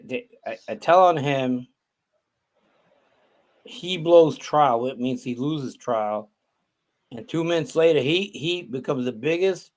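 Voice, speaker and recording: A man, a guest on a call-in show, telling a profane story and acting out what other people said. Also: mid-range voice. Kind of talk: casual storytelling. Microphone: video call.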